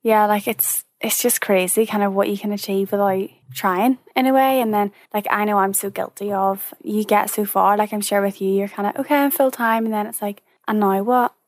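A woman's voice: mid-range voice, moderate pace, hardly any pauses, no room sound. Woman host, dry close sound. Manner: animated, puts on voices in anecdotes. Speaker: podcast host. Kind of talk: casual podcast chat.

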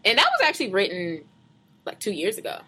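A woman co-hosting a casual podcast chat, reading a social media post aloud slowly and then talking it over. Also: mid-range voice, wildly swooping pitch, bright, forceful tone, husky. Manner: reads slowly and deliberately, chatty asides.

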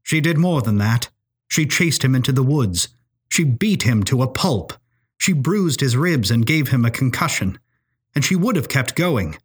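A man voicing a steely, defiant young girl who speaks firmly and evenly, with a husky voice. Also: mid-range voice, normal speed. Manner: firm, even delivery.

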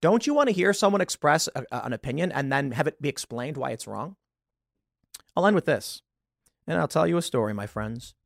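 A man's voice: on the high side, animated, a little fast, creaky, dry recording, clean studio sound. A man in his thirties hosting a podcast, delivering a combative opinion monologue with emphatic outbursts and stammered restarts. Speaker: podcast host.

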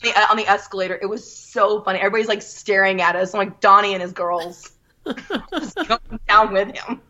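A woman in her thirties telling a story in a casual chat, animated and quoting people as she goes. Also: medium pitch, fairly quick, muffled recording. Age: 30s. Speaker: guest.

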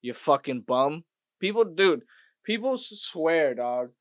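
A man hosting a podcast, ranting casually and profanely, dropping to mutters and then bursting out loud. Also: on the high side, very animated, slow, no echo, clean studio sound. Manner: profane, swings between mutters and loud outbursts. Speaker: podcast host. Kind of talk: casual rant monologue.

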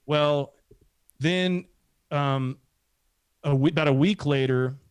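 A man's voice: a little high, takes it slowly, smooth, no echo. Middle-aged guy rambling through a story, acts out the other people's lines, dry mic. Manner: rambling, animated, acts out quoted voices. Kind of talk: casual storytelling.

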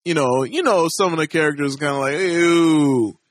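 Male host, relaxed and slangy, lively ups and downs, dry sound. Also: fairly high pitch, fast, no room sound. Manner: laid-back, slangy, lots of agreeing murmurs. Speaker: podcast host. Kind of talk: casual pop-culture chat.

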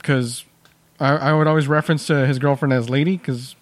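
A man's voice: mid-range voice, fairly even intonation, fairly quick, dry recording. A man, a second guest in a casual podcast chat, talking in a chatty, light way.

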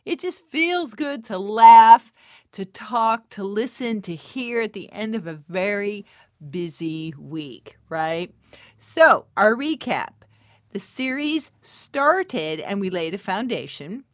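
Middle-aged female faith-podcast host and coach; unhurried, bubbly, prayerful, dry close-mic sound. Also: medium pitch, dry recording. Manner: bubbly, laughs often, swings from soft prayer to excited chatter.

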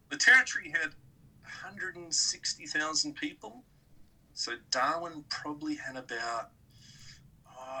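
Laid-back New Zealand man, bright husky voice. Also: on the high side, poor audio. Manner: laid-back, says "mate" often. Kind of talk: casual chat.

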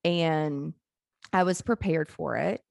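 A woman's voice: sits low, slow pace, vocal fry, darkish tone, dry recording, clean studio sound. A woman in her forties telling candid family stories in casual chat, laughing and swearing now and then.

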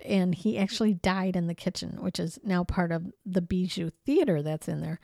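Woman podcast co-host, casual and animated storyteller, mid-pitched, dry sound. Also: no echo. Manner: chatty, lots of "you know" and "um"; animated, laughs easily. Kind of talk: casual storytelling about hauntings.

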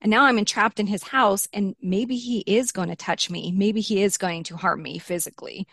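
A young adult woman, an interview guest, candidly recounting a personal ordeal, her pitch rising when she quotes heated arguments. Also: fairly even intonation, moderate pace, vocal fry, fairly bright tone, dry recording, studio quality.

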